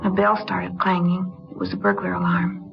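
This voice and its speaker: An actress narrating as a young woman confessing her story in a 1950s radio drama, quiet and weary. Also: on the low side, flat delivery, normal speed, vocal fry. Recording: dull old radio broadcast with music.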